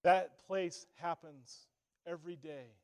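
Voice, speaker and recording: High-voiced pastor preaching with big swings. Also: male voice, slow, clear, resonant tone. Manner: preaching with wide swings from hushed to loud. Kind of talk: sermon.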